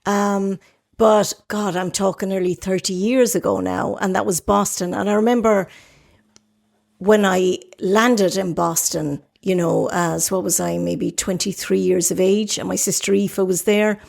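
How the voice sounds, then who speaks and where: A woman's voice: mid-range voice, steady tone, a little slow, gravelly, a little mellow. An Irish woman in her fifties, hosting a podcast in a chatty, rambling way, with lots of fillers and restarts. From Ireland. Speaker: podcast host. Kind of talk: casual conversation.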